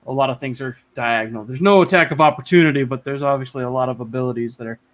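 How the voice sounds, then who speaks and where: A man guest in casual chat over a video call from home, talking in an excited, rambling way and swearing freely. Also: mid-range voice, fast talker. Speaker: interview guest.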